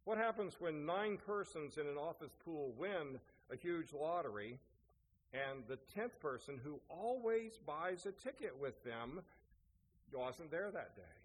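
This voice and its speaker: A man's voice: a little high, lively intonation, measured pace. Pastor guy telling a story in a sermon, long echoey reverb, faint hiss. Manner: storytelling, rhetorical questions. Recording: echoey hall, faint noise.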